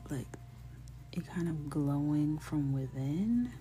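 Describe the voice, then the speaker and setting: A woman hosting a live coloring stream, talking casually and playfully while she colors, chatty and animated. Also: low voice, slow, faint music behind.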